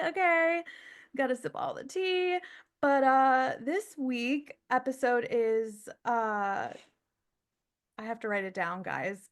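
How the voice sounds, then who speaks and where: Young woman podcast cohost, bubbly and chatty, kinda high voice. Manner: bubbly, chatty, fast filler-heavy talk. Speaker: podcast co-host. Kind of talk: casual chat.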